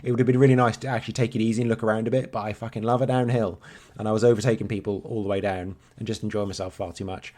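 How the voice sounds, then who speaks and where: A man's voice: fairly low pitch, little pitch movement, very fast, dark tone. A man in his thirties, co-hosting a podcast in casual, rambling chat and swearing freely. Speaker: podcast co-host.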